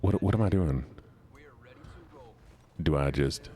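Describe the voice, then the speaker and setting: A man with a Southern US accent, streaming and talking excitedly to his chat, laughing and swearing as he plays. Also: very deep voice, slow pace. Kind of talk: casual gameplay commentary.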